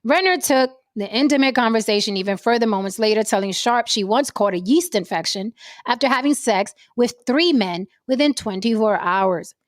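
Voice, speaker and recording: A woman's voice: on the high side, expressive, moderate pace, no echo, studio quality. A woman hosting a podcast, ranting about celebrity gossip in a brash, profane, blunt manner. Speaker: podcast host.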